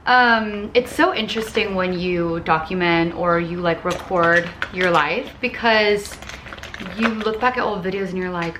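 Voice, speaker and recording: A young woman in her twenties chatting casually to her phone camera for a vlog. She is bubbly and excitable, drops in plenty of casual fillers, and reads book passages aloud in a calmer voice. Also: fairly low pitch, measured pace, noisy background. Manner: bubbly and excitable, heavy on filler words like "dude" and "like". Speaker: lifestyle vlogger.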